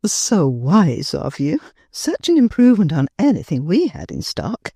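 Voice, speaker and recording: A woman voicing a poised middle-aged mother who speaks calmly and with measure. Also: deep voice, creaky, husky, no room sound, studio quality, heavily acted. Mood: tender. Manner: calm, measured.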